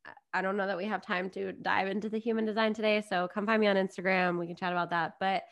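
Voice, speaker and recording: A woman's voice: mid-range voice, little pitch movement, fast. A woman, a business coach chatting as a podcast guest, upbeat and digressive. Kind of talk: casual podcast conversation.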